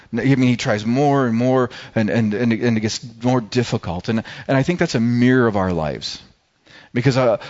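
A middle-aged man preaching a sermon in a conversational way, stumbling and repeating words as he goes. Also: mid-range voice. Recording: dull lo-fi recording.

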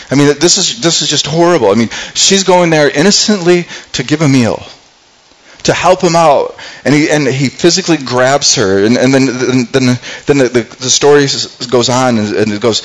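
A man's voice: medium pitch, brisk, poor audio. Earnest male preacher retelling scripture. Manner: earnest storytelling, frequent repeated words. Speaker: pastor. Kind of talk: sermon.

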